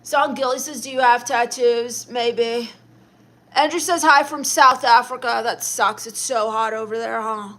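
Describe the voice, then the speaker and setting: A young woman hosting a livestream, reading viewer comments aloud in a deadpan, dismissive, sarcastic comedic manner. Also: a little high, unhurried. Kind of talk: in-character comedic livestream chat.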